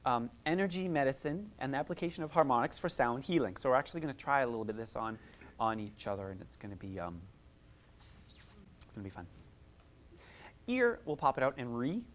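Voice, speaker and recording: Low-voiced, encouraging woman workshop teacher. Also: fast talker. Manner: chatty, encouraging, laughs often. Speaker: music therapist leading a workshop. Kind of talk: teaching a group, demonstrating vocal harmonics.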